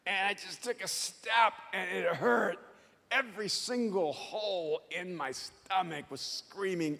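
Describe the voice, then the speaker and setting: Loud, bright-voiced male speaker in a hall. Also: high-pitched, vocal fry. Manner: loud and emphatic, often near a shout, with slow dramatic phrasing. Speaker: motivational speaker. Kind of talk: motivational speech to a live audience.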